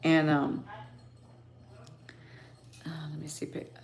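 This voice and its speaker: A middle-aged woman from Texas hosting a livestream, talking emotionally and haltingly to her viewers with many restarts. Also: sits low, monotone, vocal fry, crowd noise. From Texas, Rio Grande Valley. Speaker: livestream host. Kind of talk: casual chat with viewers.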